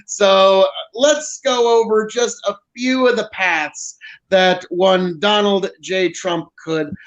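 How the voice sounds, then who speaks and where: A man's voice: high-pitched, steady tone, takes it slowly, dull audio. A man co-hosting a casual political podcast, addressing listeners as folks in a showman's manner. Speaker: podcast co-host.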